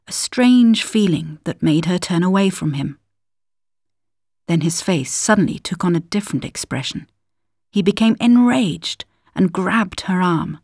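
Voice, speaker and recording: A woman narrating a scripted story calmly, at times dropping into whispers. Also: fairly low pitch, slightly rough, no room sound, studio quality.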